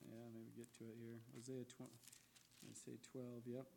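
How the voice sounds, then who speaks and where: A male pastor preaching a sermon in a church, telling the story dramatically and swinging between loud emphatic bursts and quiet low asides. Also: completely flat delivery, normal speed, creaky, background noise.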